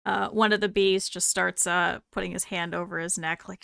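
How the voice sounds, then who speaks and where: Woman game master, bright clear voice, dry close sound, loose narration with fillers. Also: lowish voice, little pitch movement, moderate pace, no room sound. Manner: loose, hesitant, many fillers.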